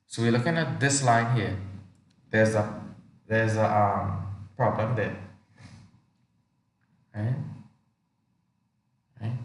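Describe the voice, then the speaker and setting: A man's voice: mid-range voice, a little slow, pauses often. A male teacher running an online exam revision class, asking students many questions and reading sentences aloud to show intonation. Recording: echoey room, distant mic.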